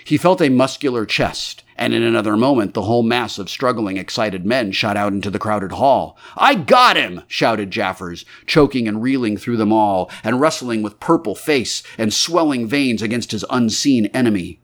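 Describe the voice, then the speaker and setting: An audiobook narrator with a voice on the low side reads a classic novel aloud. His delivery is measured and expressive.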